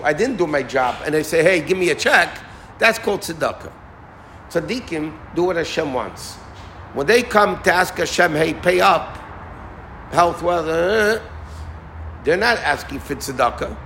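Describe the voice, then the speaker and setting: A man giving an informal Torah talk as a rabbi, animated and folksy, sprinkling in Yiddish and Hebrew terms. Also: on the high side, normal speed, slight background noise.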